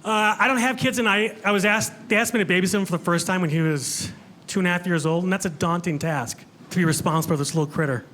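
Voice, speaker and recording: A man's voice: high-pitched, fast talker, fairly bright tone, slight background noise. A man doing a stand-up comedy set, chatting with the crowd and joking about himself. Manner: self-deprecating, chatty with the crowd. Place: comedy club stage with a live audience. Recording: live room with audible crowd ambience.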